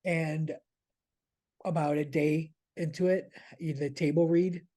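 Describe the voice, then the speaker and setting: A man's voice: a little high, level tone, unhurried, warm tone. A man chatting casually as a podcast's regular news contributor, rambling, laughing and swearing freely.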